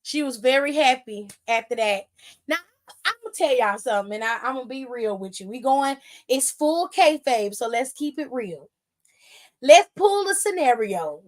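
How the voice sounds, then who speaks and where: A woman giving a casual, animated and profane wrestling recap with a sassy storytelling manner. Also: high-pitched. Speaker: wrestling show commentator.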